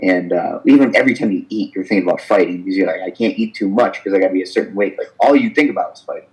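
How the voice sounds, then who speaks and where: A man in his thirties with a very low voice tells his story in a relaxed interview. He talks about his fighting career in an animated way and acts out the conversations he recounts. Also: racing, low-quality recording. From United States. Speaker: professional fighter.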